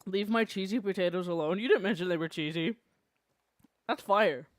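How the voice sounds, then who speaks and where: A streamer chatting casually while drawing, telling animated stories and laughing often. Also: mid-range voice, normal speed, no room sound.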